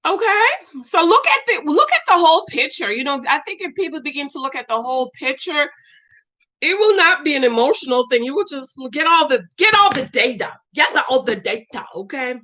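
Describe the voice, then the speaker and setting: A woman's voice: sits high, a little fast. A middle-aged woman chats casually about a reality show and greets her regular viewers by name. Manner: animated, talks back to viewers by name. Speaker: commentary vlogger reading viewer comments. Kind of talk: casual chat.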